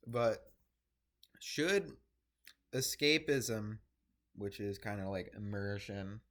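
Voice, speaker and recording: A man's voice: on the low side, fairly bright tone. A young man talking to camera in a rambling, easily distracted solo vlog, casually swearing and interrupting himself. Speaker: vlogger.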